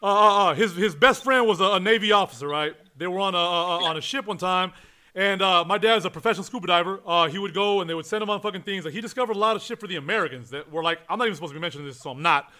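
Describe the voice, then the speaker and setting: A man hosting a casual podcast, swearing freely and telling stories with excitement. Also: high-pitched, rapid-fire. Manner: profane, excitable storyteller. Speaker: podcast host.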